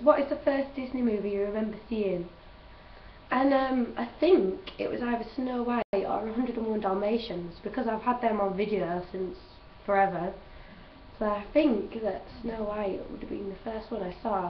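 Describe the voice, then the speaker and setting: In a casual vlog chat, a young woman answers questions while gushing and laughing often. Her medium-pitched voice holds a steady tone at normal speed. A little hiss or hum runs through the roomy, distant, dull home recording.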